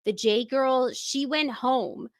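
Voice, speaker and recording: A woman co-hosting a true-crime stream, talking excitedly in casual chat and swearing in quick bursts. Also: high-pitched, dry recording. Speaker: stream co-host.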